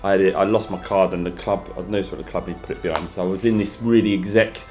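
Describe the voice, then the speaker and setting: Fast-talking man with a low voice. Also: fairly even intonation, a little mellow, faint music behind. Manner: rambling anecdotes with banter and slang. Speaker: podcast co-host. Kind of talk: casual football podcast chat.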